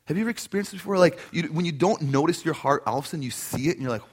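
A man preaching a sermon as a pastor, telling a personal story in an animated way and acting out the voices he quotes. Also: on the high side, very fast, hardly any pauses, slightly rough.

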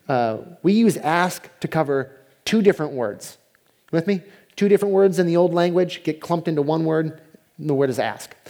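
A man preaching a sermon as pastor, in a conversational way, dropping to a hushed voice when he voices prayers. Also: a little high.

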